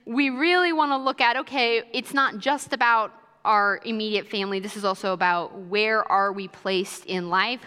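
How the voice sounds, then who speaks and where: A woman's voice: a little high, bright, forceful tone, clean tone. A young adult woman giving a conversational sermon full of personal stories. She talks in a casual, chatty way with fillers like "kinda" and "like". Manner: casual and chatty, many fillers like 'kinda' and 'like'. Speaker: church speaker. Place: church auditorium. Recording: long reverb of a large church hall.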